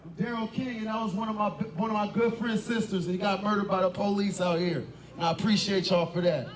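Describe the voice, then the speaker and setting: A man's voice: sits high, fairly even intonation, brisk, recorded from a distance. A man speaking briefly to a crowd at a street protest. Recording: echoey outdoor sound with loud crowd. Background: crowd noise.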